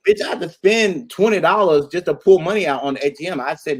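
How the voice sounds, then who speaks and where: A tipsy man hosting a casual chat, telling loud crude stories and laughing a lot. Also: a little high, lively intonation, quick pace. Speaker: talk show host.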